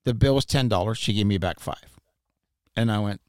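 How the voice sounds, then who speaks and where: A man's voice: fairly low pitch, expressive, fairly quick, dry recording, clean studio sound. Profane rambling Atlantic Canadian man. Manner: rambling storyteller, swears freely, acts out quotes. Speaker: podcast co-host. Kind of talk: crude casual chat.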